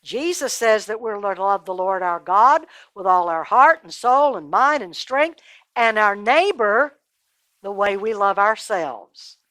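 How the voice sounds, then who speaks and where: A woman's voice: medium pitch, animated, unhurried, fairly bright tone, dry recording. A woman storyteller telling a Bible story expressively and speaking directly to children.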